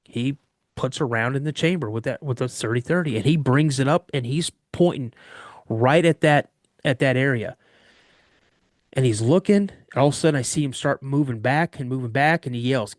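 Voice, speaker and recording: A man casually recounting a story from his childhood in first person, animated and vivid, often restarting mid-sentence. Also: medium pitch, normal speed, dry recording, studio quality. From Washington state. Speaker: guest telling an encounter story.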